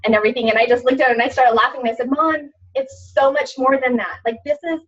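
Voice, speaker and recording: A woman's voice: high-pitched, steady tone, fast talker, husky. A woman in her thirties, a fitness coach, talking casually with lots of fillers and restarts in a webinar. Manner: chatty, many fillers and restarts. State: tearful at times. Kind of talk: casual testimonial chat. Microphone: webinar recording. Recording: distant, dull lo-fi webinar audio.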